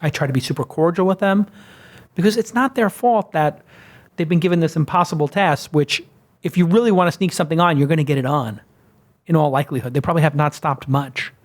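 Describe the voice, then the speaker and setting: A man's voice: on the high side, quick pace. Chatty man hosting an interview. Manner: chatty, storytelling, self-mocking. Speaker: podcast host. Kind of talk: casual interview chat.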